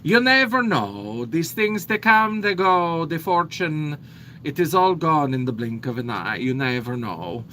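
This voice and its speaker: A man doing a theatrical Italian contessa, scheming and grand, with a put-on Italian accent. She draws out her words in a raised, bright voice. A faint rumble sits underneath. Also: expressive. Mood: wistful. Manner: grand, drawn-out, ominous delivery.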